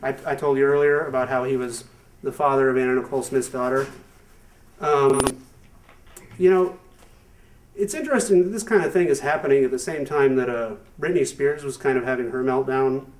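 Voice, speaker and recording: A man doing a stand-up comedy set, rambling and self-amused with lots of fillers and restarts, now and then jumping into high squeaky voices for his bits. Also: fairly quick. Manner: breaks into high squeaky put-on voices for jokes. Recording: distant mic, far from the speaker.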